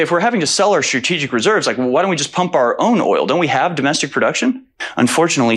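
A man's voice: mid-range voice, fairly bright tone. A man performing a satirical comedy sketch, trading sarcastic, mock-innocent lines. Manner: sarcastic, mock-innocent back-and-forth banter.

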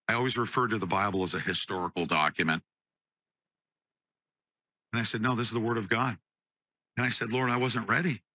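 A man giving an emotional personal testimony, halting and repeating words, at times choked up. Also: low voice, sharp tone, dry recording.

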